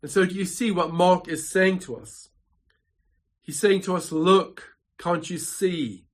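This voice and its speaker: Slow, measured preaching man. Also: high voice. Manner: measured, emphatic preaching with dramatic repetition. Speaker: pastor. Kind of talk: sermon. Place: home study.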